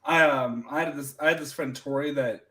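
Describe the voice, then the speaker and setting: A man's voice: fairly high pitch, brisk, background noise. A man co-hosting a casual show, talking loosely and reading out donations. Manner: loose, swearing, reads donations. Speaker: podcast co-host. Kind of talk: casual chat.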